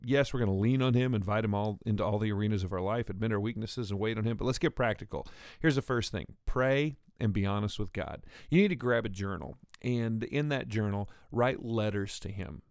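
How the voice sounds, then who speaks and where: A man's voice: on the low side, a little fast, darkish tone, clean tone, dry recording, clean studio sound. A man preaching a sermon in an earnest, conversational way, often restarting his phrases.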